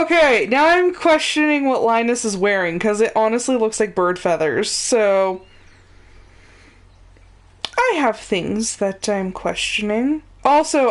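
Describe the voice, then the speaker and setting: A woman streamer chatting casually and laughing often while commenting on a game she is playing live. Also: medium pitch.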